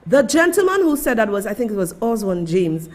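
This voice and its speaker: A woman's voice: mid-range voice, big pitch swings, a little fast. A woman from Saint Lucia with a Saint Lucian accent, hosting a live-stream commentary and speaking emphatically, addressing her listeners and officials directly. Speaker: livestream host.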